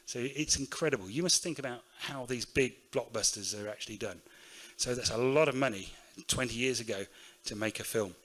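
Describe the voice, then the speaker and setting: Northamptonshire man telling a lively story. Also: mid-range voice, brisk. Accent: Northamptonshire English. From England. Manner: lively anecdotal storyteller, acts out quotes. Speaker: keynote speaker, shoe factory owner. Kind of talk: storytelling conference talk. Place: conference room.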